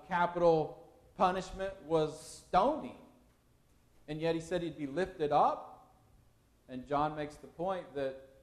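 Lively high-voiced male preacher, echoey room. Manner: animated, questioning the listeners. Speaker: pastor. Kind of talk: expository sermon.

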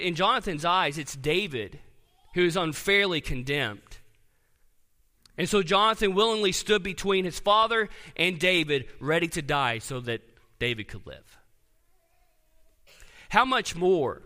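A man preaching a sermon in a church sanctuary, his voice bright and forceful, pitched a little above most men. He reads scripture aloud with earnest emphasis and drops soft on key words. The sound rings with the long reverb of a large hall. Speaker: pastor.

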